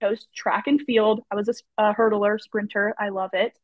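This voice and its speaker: A young woman, a personal trainer, appears as a guest on a casual podcast, talking openly and chattily with lots of "like" and "you know." Her medium-pitched voice is level at normal speed, and the recording is dull, lo-fi and very dry.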